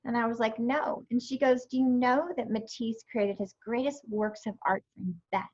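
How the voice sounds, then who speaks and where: A woman in her fifties telling her story as a guest in a casual interview, animated and acting out her own past remarks. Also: a little high, moderate pace. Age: 50s. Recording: dull lo-fi sound.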